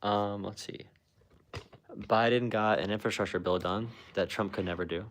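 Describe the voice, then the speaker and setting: Low-voiced dude talking politics, blunt and sarcastic, says "like" a lot, very casual. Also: male voice, fairly even intonation, moderate pace, a little hiss or hum. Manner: sarcastic and blunt, with frequent "like" fillers. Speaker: political commentator. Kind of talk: casual chat.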